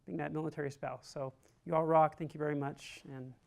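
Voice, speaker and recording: A man's voice: on the high side, level tone, a little fast, gravelly, noisy background. A man teaching a resilience class who talks in an informal, chatty way, full of "like," and sounds earnest and encouraging. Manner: informal and chatty, heavy use of "like". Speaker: army resilience trainer. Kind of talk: classroom lecture with a personal story.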